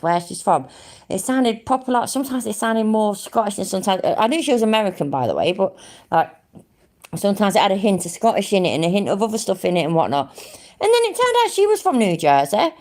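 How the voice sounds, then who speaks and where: A woman's voice: mid-range voice, darkish tone. An English woman rambling casually on a live stream, thinking aloud, humming to herself and swearing freely. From England.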